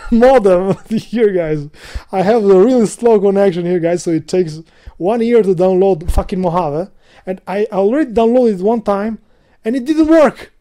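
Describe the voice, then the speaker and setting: A man ranting casually to his viewers in a vlog, cursing a lot, laughing often, and swinging between loud outbursts and low muttering. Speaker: video blogger. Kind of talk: casual rambling vlog rant.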